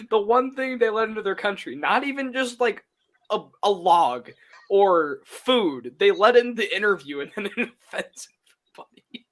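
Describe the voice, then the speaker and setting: A man's voice: sits high, lively intonation, moderate pace, long pauses, a bit bright. A young man chatting casually while watching a movie with friends, rambling with many fillers and laughing often. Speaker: co-host of a movie watch-along. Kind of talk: casual chat.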